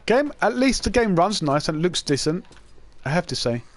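A man hosting a gaming channel, giving chatty, excitable commentary while he plays and talking to his viewers. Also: high-pitched, normal speed. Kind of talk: casual gameplay commentary.

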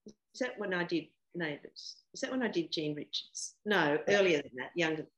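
A woman's voice: lowish voice, animated, moderate pace, lo-fi sound. A woman in her sixties, a guest actor chatting casually in an interview, laughing often and full of fillers and restarts. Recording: roomy echo.

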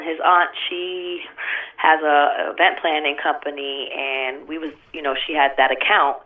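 Blunt, profane woman on a tinny phone line. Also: on the low side. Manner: blunt, profane, animated storytelling. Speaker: interview guest. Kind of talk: candid interview talk.

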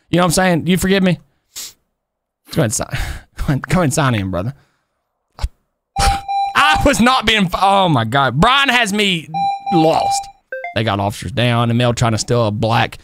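A man streaming a police role-play game, talking in excitable slang and laughing a lot. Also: fairly high pitch. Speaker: streamer playing a police officer.

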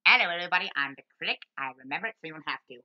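A woman's voice: fairly low pitch, animated, very fast. A woman hosting a home-made comedy film review, bossy and mock-grumpy. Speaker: film reviewer, show host. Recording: lo-fi home recording.

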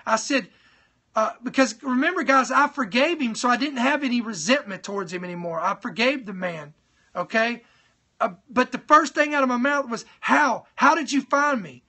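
A man preaching in a live-streamed sermon, telling his testimony in an animated way, speaking directly to his viewers and repeating points for emphasis. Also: very high-pitched, normal speed. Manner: animated storytelling, talks straight to viewers.

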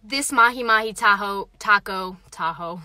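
A woman's voice: medium pitch, moderate pace, pushed and bright, a little hiss or hum. A young woman in a parked car, reviewing a taco live on her phone and chatting frankly with viewers between bites. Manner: chatty, frank, reads viewer comments aloud; talks while eating. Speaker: vlogger reviewing tacos. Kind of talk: casual live-stream chat.

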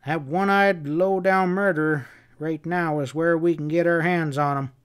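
A man voicing a rough frontier ringleader who bellows to rouse a crowd in a storybook reading. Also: a little high, steady tone, normal speed, voice pushed up, close to an everyday voice. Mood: rousing. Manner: loud, rousing.

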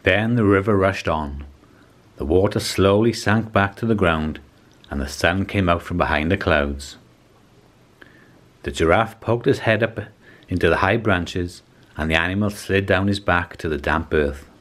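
A man reading a children's picture book aloud in a calm, measured storytelling manner. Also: sits low. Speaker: storybook reader.

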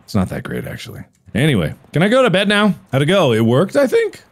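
A man's voice: a little high, wildly swooping pitch, quick pace. A man hosting a let's-play video, reading game text aloud with playful quips. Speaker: gaming video host. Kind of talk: casual let's-play commentary.

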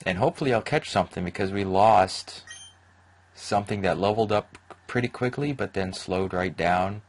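Low-voiced man narrating his gameplay. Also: moderate pace, rough recording. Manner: rambling, excitable reactions. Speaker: let's play host. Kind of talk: gaming commentary. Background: game music.

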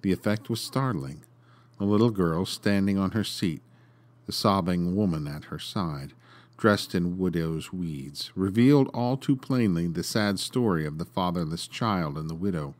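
Podcast guy reading a story, lowish voice, really animated delivery. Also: normal speed. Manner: expressive, dramatic reading. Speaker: podcast host and narrator. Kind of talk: storytelling narration.

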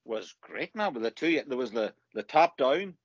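A man's voice: mid-range voice, big pitch swings, normal speed, husky, dry recording, dull audio. A man with a Derry accent, hosting a casual chat, joking and swearing as he tells stories. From Northern Ireland. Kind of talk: casual banter.

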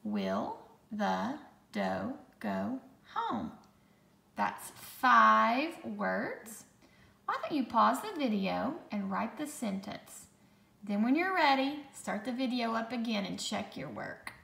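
Slow, patient woman teacher, gravelly voice. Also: a little high, lively intonation, sharp tone, echoey room. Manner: slow, patient, sounds out dictation sentences word by word. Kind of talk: recorded phonics lesson for children.

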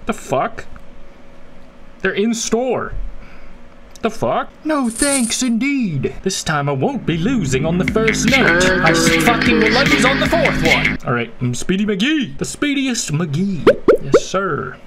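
A man's voice: sits high, very animated, takes it slowly, over loud music. A man giving crude, jokey gameplay commentary, often switching into silly voices. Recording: loud game noise behind the voice.

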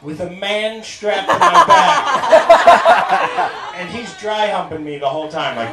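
A man's voice: high-pitched, measured pace. A young man performing a stand-up comedy set, telling a story and acting out the people in it. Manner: animated storytelling, acts out characters. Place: comedy club. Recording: echoey club, distant mic, loud crowd laughter.

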